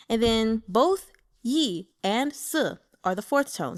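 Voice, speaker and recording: Excitable woman chatting about a book. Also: lowish voice, unhurried. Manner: excitable, teaches Mandarin name pronunciation. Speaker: book club host. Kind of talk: casual book discussion.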